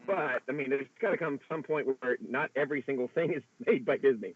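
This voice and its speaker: A man co-hosting a casual podcast chat, joking around and talking fast. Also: mid-range voice, husky, no echo. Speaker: podcast co-host. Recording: dull lo-fi audio with background noise.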